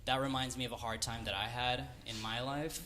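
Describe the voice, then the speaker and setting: A stand-up comedian doing an impression of a calm, saintly young woman activist, soft and quiet with a flat, passive-aggressive delivery. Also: medium pitch, fairly quick, close to an everyday voice. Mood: serene. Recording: live room with audible noise.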